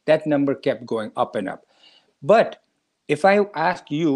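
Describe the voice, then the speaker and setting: A man's voice: on the high side, expressive, unhurried. A man from India, a spiritual teacher explaining scripture in a lecture, telling stories and speaking directly to the listener. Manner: storytelling, explanatory, addresses listener.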